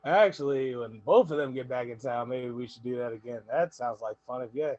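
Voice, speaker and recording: A young adult man hosting a podcast, telling stories in an animated way, laughing often and quoting people. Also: medium pitch, a little fast, no echo, dull audio. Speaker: podcast host. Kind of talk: casual podcast storytelling.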